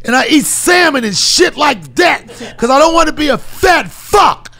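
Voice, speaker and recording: A man doing a comedic impression of a foul-mouthed fitness zealot who rants and shouts without letup. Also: very high-pitched, very animated, normal speed, vocal fry, exaggerated voice. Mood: ranting. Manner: shouting, profane, relentless motivational rant. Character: ranting foul-mouthed male fitness zealot, middle-aged.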